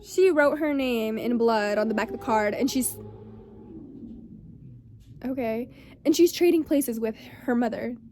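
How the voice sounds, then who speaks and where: Excitable young woman book vlogger. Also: fairly high pitch, unhurried, pauses often, a little hiss or hum. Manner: excitable, gasping and swearing as she reacts. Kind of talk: casual reading vlog chat.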